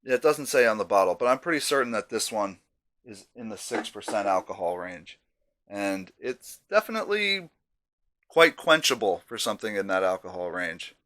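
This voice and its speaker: A man's voice: on the low side, big pitch swings, moderate pace, fairly bright tone. Chatty man reviewing a beer. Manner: chatty, self-deprecating, savoring asides. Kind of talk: casual beer review vlog.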